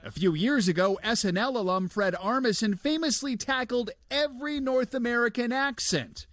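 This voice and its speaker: A male reporter narrating a light news feature in a lively, bouncy delivery. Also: very high-pitched, normal speed.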